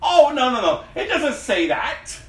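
A man's voice: extremely high pitch, very animated, measured pace, a bit bright, reverberant, poor audio. A man preaching a sermon and reading scripture, impassioned and laughing between lines.

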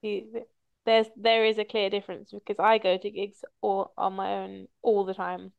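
Woman host, chatty, gravelly edge, dull lo-fi audio. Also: mid-range voice, little pitch movement, moderate pace, dry recording. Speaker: podcast host. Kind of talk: casual chat. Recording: dull lo-fi recording.

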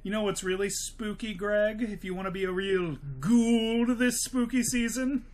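A man's voice: sits high, steady tone, normal speed. A man co-hosting a movie podcast in playful, casual chat. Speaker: podcast co-host.

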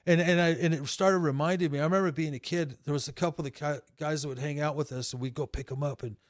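A man's voice: a little high, steady tone, quick pace, dry recording, studio quality. A man in his fifties telling rambling, profanity-laced stories in a casual podcast chat.

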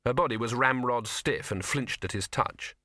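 A man narrating a comic fantasy novel as an audiobook reader, in a dry, measured way. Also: mid-range voice, pushed and bright, dry recording. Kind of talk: scripted narration.

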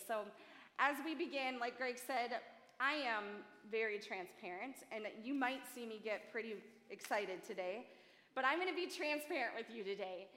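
A woman's voice: on the high side, pushed and bright. A woman in her forties giving a sermon, chatty, earnest and self-deprecating. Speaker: church speaker. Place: large church hall. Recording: echoey church hall, long reverb.

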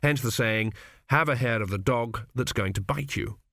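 A man narrates an audiobook in a measured, dry storytelling manner, at a middle pitch. He is close to the mic, with a dead, dry studio sound. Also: gravelly, a bit bright, dry recording.

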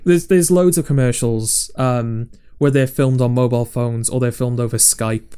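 A man chatting on a podcast, rambling and self-mocking as he talks things over. His voice sits at an ordinary middle pitch and he keeps an easygoing conversational flow. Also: fairly even intonation, normal speed, mellow, smooth. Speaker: podcast co-host. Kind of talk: casual podcast chat.

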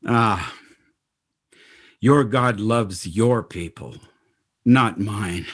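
A man voicing a defiant old tribal chief who speaks bluntly and bitterly, in measured phrases. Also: fairly low pitch, husky, heavily acted. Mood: sorrowful.

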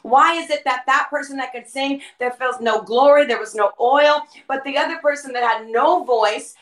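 A woman speaks with fervent, emphatic conviction, as if preaching in conversation, and often works scripture into her talk. Her voice sits high and sounds bright and forceful. The recording is roomy and she sits some distance from the mic. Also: normal speed. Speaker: podcast guest. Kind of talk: impassioned preaching-style conversation.

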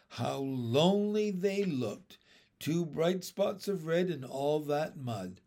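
A man narrating a children's book aloud in a measured, expressive storytelling manner. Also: a little high, gravelly.

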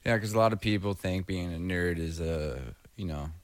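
A man's voice: low-pitched, moderate pace. A man co-hosting a podcast in casual chat, joking and crude in a laid-back way. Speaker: podcast co-host.

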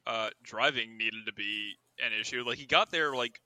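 A man's voice: medium pitch, moderate pace, sharp tone, no echo, poor audio. A man casually discussing a movie, full of "like" fillers and sardonic jabs at the plot. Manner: filler-heavy, sardonic, picks apart the plot. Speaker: podcast co-host.

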